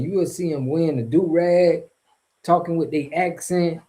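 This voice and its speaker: A man from Florida rants casually to camera in a slangy, rambling way, breaking into chuckles between his points. His voice sits a bit high for a man but sounds soft and warm rather than bright. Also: normal speed. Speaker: vlogger. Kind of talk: casual off-the-cuff commentary.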